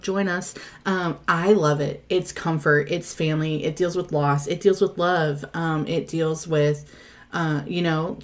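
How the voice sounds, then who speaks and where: A woman co-hosting a library podcast in casual chat, gushing and emotional, jumping between quick bursts and drawn-out words. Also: low-pitched. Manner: gushing, talks fast then drawls, emotional. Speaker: podcast co-host, library staff.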